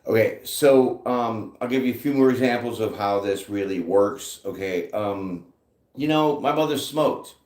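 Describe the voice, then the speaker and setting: A man's voice: fairly low pitch, a little slow, darkish tone. A man hosting a live tarot chat, casual and joking, who reads out viewer comments as he talks. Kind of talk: casual live-stream talk. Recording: echoey room.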